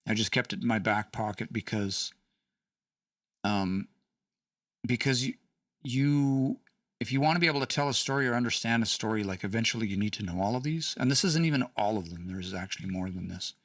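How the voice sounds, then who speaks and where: A man's voice: lowish voice, animated, fairly quick, a bit bright, no echo, studio quality, distant mic. A man teaching language casually on a livestream, chatty, laughing and reading out chat comments.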